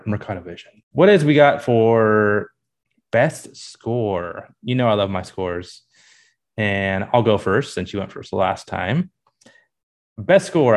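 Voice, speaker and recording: A man co-hosting a podcast in a relaxed, enthusiastic chatty way. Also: on the low side, slow. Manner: enthusiastic, laid-back, many fillers. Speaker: podcast co-host. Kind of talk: casual chat.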